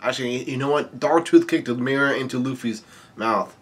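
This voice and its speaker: A man casually reading a manga aloud and commenting on it, halting often with fillers and restarts. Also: mid-range voice, fairly bright tone, breathy edge.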